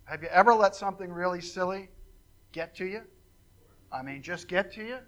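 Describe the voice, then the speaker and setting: A man's voice: high-pitched, normal speed, a bit bright, low-quality recording. An older man preaching an informal sermon to a congregation, telling folksy stories with joking asides and plenty of fillers. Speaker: pastor.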